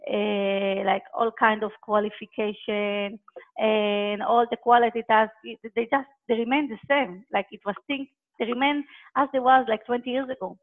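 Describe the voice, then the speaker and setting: A woman's voice: a little high, steady tone, moderate pace. Earnest woman on a tinny call line. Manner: earnest, builds points by repeating phrases. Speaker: guest expert on quality management. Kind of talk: conversational interview answers. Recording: tinny phone-like call audio.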